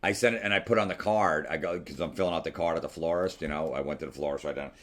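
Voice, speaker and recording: Deep-voiced man telling a profane story. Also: fast, fairly bright tone. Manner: profane, rambling anecdote delivery. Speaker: podcast host. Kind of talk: casual storytelling chat.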